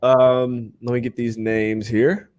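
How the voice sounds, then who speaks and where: A man hosting a live stream, talking casually and eagerly as he runs giveaways. His voice sits at an ordinary middle pitch. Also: slow pace. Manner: excitable, hypes the giveaways with countdowns. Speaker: podcast host running live giveaways.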